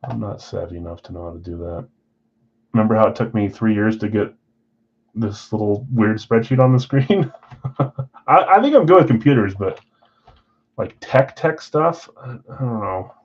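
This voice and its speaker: A man's voice: lowish voice, animated, normal speed, long pauses, breathy edge, muffled recording. Chatty man calling a card break. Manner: chatty, rattling off names and teams. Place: card shop.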